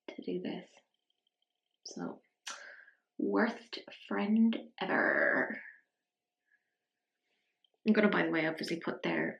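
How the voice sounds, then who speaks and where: A young woman talks through her makeup look in a chatty, self-mocking way, slipping into whispers as she blends. Her voice has a gravelly fry to it. The room rings with noticeable echo. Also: mid-range voice, muffled recording. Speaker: beauty vlogger. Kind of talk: casual makeup tutorial chat.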